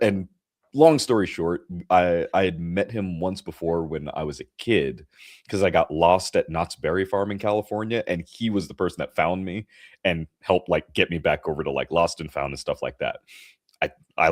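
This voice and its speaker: A young man, an actor, telling an animated story in casual chat over a video call, laughing often and using lots of fillers. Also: low-pitched, no room sound, clean studio sound. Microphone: remote video call.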